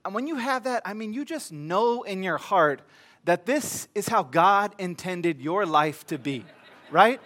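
High-voiced pastor telling a comic story. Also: male voice, measured pace. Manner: animated storytelling, comic asides to congregation. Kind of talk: sermon.

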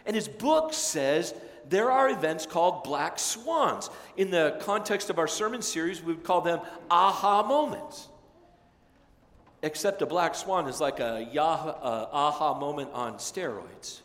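A male pastor preaching a conversational, self-deprecating sermon, slipping into lively voices when he quotes people. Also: a little high, a little slow. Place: large church sanctuary. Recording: echoey sanctuary, long reverb.

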